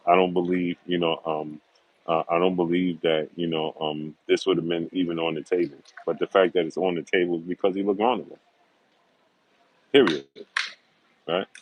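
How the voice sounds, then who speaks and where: A man's voice: sits low, steady tone, normal speed, lo-fi sound, a little hiss or hum. A middle-aged man hosting a sports livestream, greeting viewers by name and making confident, emphatic predictions, repeating himself for stress. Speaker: sports talk show host.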